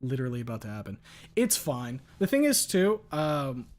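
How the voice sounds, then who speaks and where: A man's voice: mid-range voice, sing-song, moderate pace, a little mellow. Joking, foul-mouthed male streamer. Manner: joking, profane, reads chat aloud. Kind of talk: casual livestream chat.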